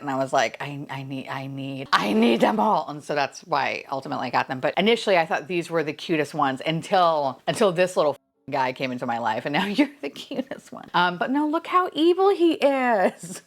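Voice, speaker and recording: A young woman chatting casually as she unboxes collectibles, excitable, laughing often and cursing freely. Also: fairly low pitch.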